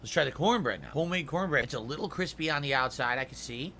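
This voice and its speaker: A man's voice: fairly high pitch, lively intonation, fast talker, sharp tone, a little hiss or hum. A man chatting casually while eating a meal on stream, murmuring between bites and talking with his mouth full.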